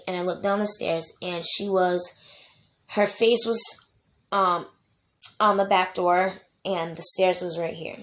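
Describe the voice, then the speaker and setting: A young adult woman telling her own life story in a vlog, emotional and rambling, with many fillers and restarts. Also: lowish voice. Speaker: vlogger.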